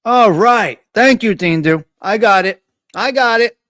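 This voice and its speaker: A man's voice: high-pitched, a little slow, a bit bright, no echo, clean studio sound. Chatty man hosting a live stream. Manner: chatty, laughs often, teasing, ad-libs. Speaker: live stream host reading viewer comments. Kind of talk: casual live stream chat.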